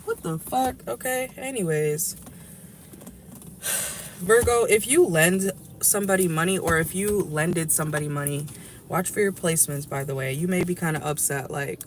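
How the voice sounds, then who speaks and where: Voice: medium pitch, moderate pace, a little hiss or hum. A tarot reader in a car giving a casual, rambling and blunt reading to viewers, swearing freely. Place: inside a car.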